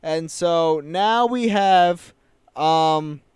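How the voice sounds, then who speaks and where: A man co-hosting a podcast, casually retelling a film plot and slipping into quick quoted voices. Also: on the high side, a little mellow, clear, resonant tone, no echo, clean studio sound. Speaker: podcast co-host recapping a film. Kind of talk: casual chat.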